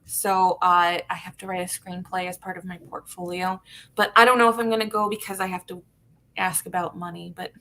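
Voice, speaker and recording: Woman co-host on a video call, bright tense voice, rambly with lots of uhs. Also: fairly low pitch, little pitch movement. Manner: rambling, filler-heavy, quick bursts. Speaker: podcast co-host. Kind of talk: casual chat.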